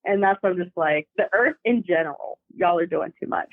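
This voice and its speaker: A woman's voice: on the low side, a little fast, no room sound. Chatty woman on a tinny phone line. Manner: animated, chatty, slangy. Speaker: caller telling family ghost stories. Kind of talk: casual storytelling over the phone. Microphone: phone call.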